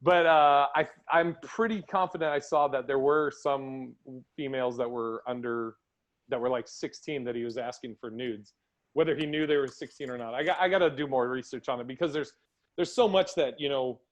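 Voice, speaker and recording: A man's voice: mid-range voice, moderate pace. A man hosting a podcast, chatting casually and acting out quoted conversations as he tells stories. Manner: animated storytelling, acts out quotes. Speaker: podcast host.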